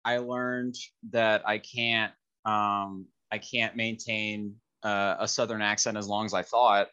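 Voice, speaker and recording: A man guest on a podcast in casual chat, speaking hesitantly with many pauses. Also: on the low side, level tone, sharp tone, clean tone, dull audio. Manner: hesitant, halting.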